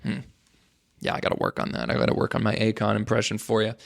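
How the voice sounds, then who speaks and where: A man's voice: fairly low pitch, completely flat delivery, rapid-fire, creaky. A man hosts his own podcast solo, in a loose and casual monologue. He rambles from one thought to the next, jokes at his own expense, and throws in mock-dramatic asides to his listeners. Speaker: podcast host.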